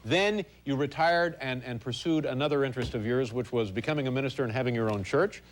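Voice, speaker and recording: A man hosting a talk show, prodding his guest with quizzical questions and quick acknowledgments. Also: mid-range voice. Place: TV studio.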